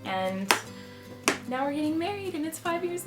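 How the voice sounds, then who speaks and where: A young woman in her twenties talks casually to her viewers in a vlog. She is chatty and playful and pokes fun at herself. Clear music plays behind her voice. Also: high-pitched, very animated, normal speed, long pauses. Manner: chatty, playful and self-mocking. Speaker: vlogger. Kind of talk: casual vlog talk to camera.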